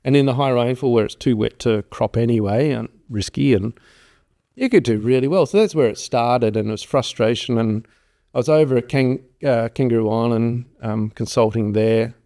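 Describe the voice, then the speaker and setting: A man's voice: mid-range voice, normal speed. A middle-aged man, telling stories in a rambling, casual way as a farm consultant in an interview. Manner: rambling, animated storyteller who acts out quoted voices.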